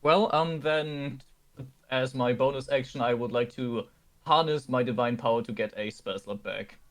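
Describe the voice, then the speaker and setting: A man's voice: mid-range voice, normal speed, dry recording. A man playing in an online tabletop game, casual and teasing. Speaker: player.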